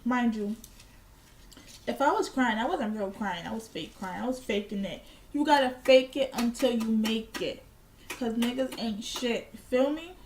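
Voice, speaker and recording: A young woman with a fairly high voice tells a storytime to her camera. She is blunt and profane, and proudly petty as she talks. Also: moderate pace, darkish tone, a little hiss or hum. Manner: boastfully petty. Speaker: vlogger. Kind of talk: casual storytime.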